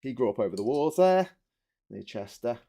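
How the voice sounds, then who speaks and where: Over a noisy background, a man in his forties speaks in a gravelly mid-range voice with big pitch swings at a moderate pace. He's hosting a laid-back live stream, chatting animatedly as he builds and swearing once in a while.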